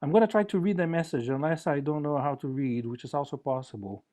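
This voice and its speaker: A man giving a relaxed conference talk over a video call, joking playfully and gently guiding listeners through exercises. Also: fairly high pitch, quick pace. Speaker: conference speaker.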